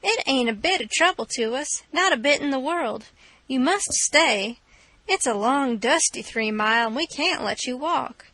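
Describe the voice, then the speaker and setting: A woman reading an audiobook, voicing a flustered, sharp-tongued older Southern aunt who scolds indignantly. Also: high-pitched, expressive, normal speed, dry recording, heavily acted. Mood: pleading.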